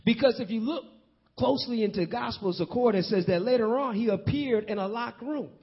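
A man's voice: fairly quick, slightly rough. Preaching man on a dull lo-fi recording. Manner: rises from hushed low asides to loud excited calls. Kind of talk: sermon.

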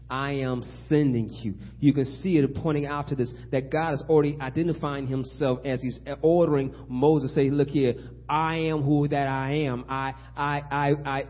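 A man preaching a sermon, building to emphatic loud peaks and dropping to hushed tones, often acting out biblical figures in conversational asides. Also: medium pitch, highs cut off.

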